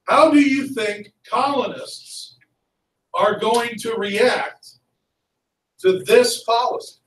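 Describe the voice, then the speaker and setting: Higher-voiced male teacher in an echoey classroom. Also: slow. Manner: lively, constantly checks in with "okay?" and "right?". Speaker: history teacher. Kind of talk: classroom lecture. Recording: roomy classroom, mic far off.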